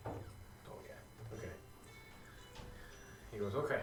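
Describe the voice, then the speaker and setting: A man's voice: medium pitch, lively intonation, normal speed. Man game master, hesitant tabletop narration, recorded far off in a roomy space. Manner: hesitant, filler-heavy narration. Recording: echoey room, far from the mic, faint music.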